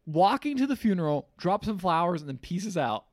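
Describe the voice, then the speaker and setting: A man co-hosting a casual movie recap, laughing and mimicking the characters in low mumbled voices. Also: sing-song, brisk, no room sound, studio quality. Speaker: podcast co-host recapping a movie. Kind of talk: casual chat.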